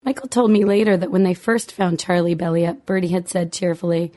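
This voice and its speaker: A woman's voice: fairly low pitch, fairly even intonation, fairly quick, hardly any pauses, dark tone. A middle-aged woman, a mother, reading her memoir aloud with dry, wry humor.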